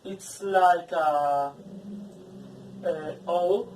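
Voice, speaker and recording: A woman's voice: lowish voice, drawn-out words, a little mellow, slight background noise. A woman from Colombia with a Colombian Spanish accent, teaching an English pronunciation lesson in English as a second language. She drills lists of example words and stresses each one. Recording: echoey room, mic far off.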